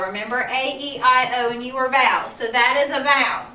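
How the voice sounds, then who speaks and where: Female second-grade teacher, high voice, careful explainer; echoey room with light hiss. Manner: slow, clear explaining with spelled-out letters. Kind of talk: instructional video for parents. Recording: roomy, distant, dull lo-fi sound with faint hiss.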